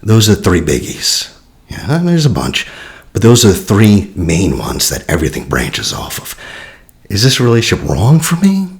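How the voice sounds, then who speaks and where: Low gravelly guy explaining relationship stuff, chatty and reflective, lots of sighs. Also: huge pitch swings, normal speed. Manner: reflective and conversational, with sighs and repeated phrases. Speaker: relationship and attachment coach. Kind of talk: casual teaching monologue.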